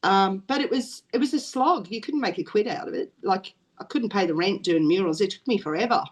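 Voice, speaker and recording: A woman's voice: medium pitch, a little fast. A middle-aged woman with an Australian accent, a guest in an interview, rambling through stories with restarts. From Wales. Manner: rambling and chatty, with frequent restarts and laughs. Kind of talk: casual storytelling chat.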